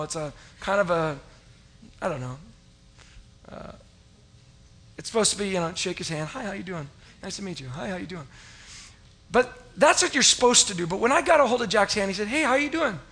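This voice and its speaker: Delivering a sermon, this high-voiced, middle-aged male pastor tells stories and plays the part of his former self, with cries that grow loud and climb upward.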